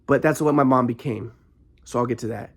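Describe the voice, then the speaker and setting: Gravelly man rambling in a monologue. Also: mid-range voice. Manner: rambling, halting, frequent restarts; flares into anger. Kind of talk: casual monologue vlog.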